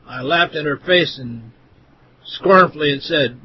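A man's voice: a little high, measured pace, breathy edge, no echo. A man reading aloud from a first-person text in a blunt, contemptuous manner. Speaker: reader. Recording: dull lo-fi recording.

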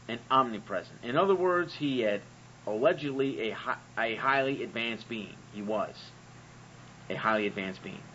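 A sarcastic, profane man delivers a comedic monologue, firing off rhetorical questions in a middle-pitched voice. The recording is dull, with a faint hiss underneath. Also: a bit bright. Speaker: host.

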